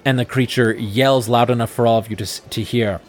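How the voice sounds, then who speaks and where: A man's voice: medium pitch, fairly even intonation, a little fast. Male game master and podcast host, mid-range voice, casual rambling narration, faint music underneath. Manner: casual, rambling, with many fillers and restarts.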